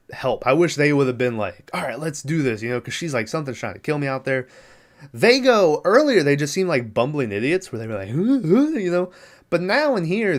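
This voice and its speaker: Podcast guy rambling thru a movie plot, lots of likes and ums, swears a bunch, regular mid voice. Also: medium pitch. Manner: rambling, filler-heavy, profane, laughs at the film. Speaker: podcast host. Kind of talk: casual movie recap.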